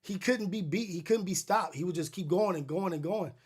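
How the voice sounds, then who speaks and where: A man's voice: high voice, brisk, a little mellow, breathy edge. A middle-aged man hosting a podcast, telling stories in a loose, profane, rambling way with many restarts. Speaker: podcast host. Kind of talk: casual storytelling monologue.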